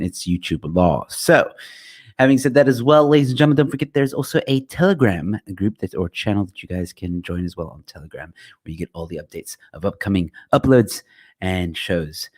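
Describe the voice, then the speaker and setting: On a good microphone, a young livestream host chats casually, rambling and cracking jokes as he promotes his channel. He speaks a little fast with an animated, low, slightly mellow voice.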